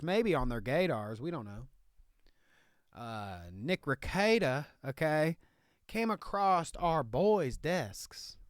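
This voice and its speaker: A man's voice: on the high side, a bit bright, clear, resonant tone, dry recording, studio quality. A man playing a boastful, folksy redneck lawyer in a comic monologue, with a put-on Southern drawl that slips in and out. He keeps tagging his sentences with "okay?".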